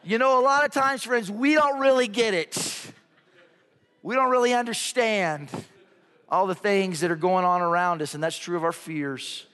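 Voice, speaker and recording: A man with a high voice preaches a sermon, telling stories and asking the congregation rhetorical questions. His words ring out with a long echo, like a large church hall. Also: normal speed, pushed and bright, clean tone. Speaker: pastor.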